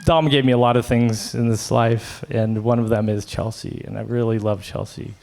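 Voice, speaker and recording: Man giving a casual, halting memorial speech. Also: mid-range voice, steady tone, gravelly, a little mellow, faint music behind. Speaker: friend giving a remembrance. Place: memorial gathering.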